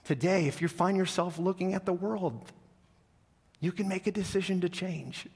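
A male pastor tells a story during a sermon and grows softer and lower as he invites the church to respond. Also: moderate pace, breathy edge. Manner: storytelling, falls soft and low when inviting. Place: church sanctuary. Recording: long hall reverb.

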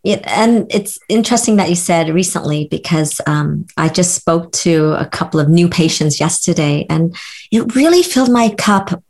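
Podcast host lady, lowish voice, chatty and affirming, keeps it casual. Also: lively intonation, moderate pace, a little mellow. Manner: enthusiastic, affirming, reflective. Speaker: health practitioner with patients.

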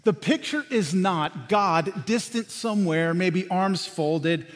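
A man delivers a sermon from the pulpit, his voice sitting a little high. He preaches with animation, acting out quotes and dropping to hushed lines. The sound carries a long reverb from a large church hall. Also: expressive, slow, faint music behind. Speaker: pastor.

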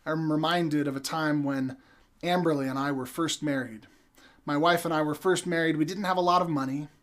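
Younger guy giving a sermon, kinda higher voice, takes his time with pauses. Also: steady tone, a bit bright. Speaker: preacher.

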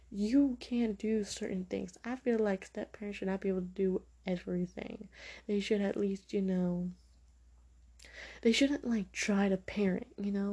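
A young woman talks through her opinions on a casual solo podcast. Her voice is mellow and a little husky, and she speaks bluntly, with plenty of "like" and "you know." Her pitch sits in the middle of the range. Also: steady tone, a little slow. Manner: frank and opinionated, many fillers. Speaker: podcast host.

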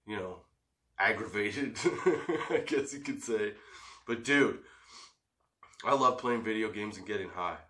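A man's voice: on the low side, fairly bright tone. A middle-aged man and father telling a story in a casual vlog, rambling, swearing freely and laughing as he goes. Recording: echoey room.

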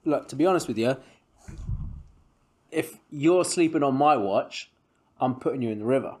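Brief: chatty podcast co-host, mid pitch, giggly, loose and casual about a book. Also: expressive, moderate pace, darkish tone. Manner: laughs often, says "like" and "yeah" a lot. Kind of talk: casual book-discussion chat.

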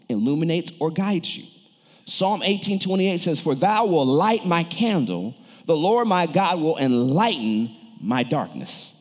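A man's voice: fairly high pitch, darkish tone, in a large hall. A male pastor preaching a sermon, turning to the congregation with questions and cues. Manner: preaches with shifting emphasis, calls on the congregation.

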